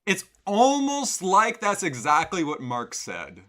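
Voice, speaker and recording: A man's voice: high-pitched, wildly swooping pitch, takes it slowly, a bit bright. A man streaming live, reacting to a clip with sarcastic, rambling commentary full of fillers.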